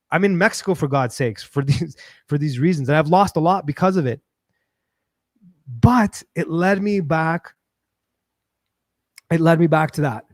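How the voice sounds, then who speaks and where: A man hosting a show, talking in a casual, rambling personal monologue with frequent restarts and animated bursts. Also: a little high, dry recording, clean studio sound. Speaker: show host.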